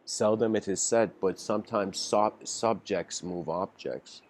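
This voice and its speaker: A man giving an improvised philosophical lecture, halting and musing with frequent restarts. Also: on the low side, darkish tone.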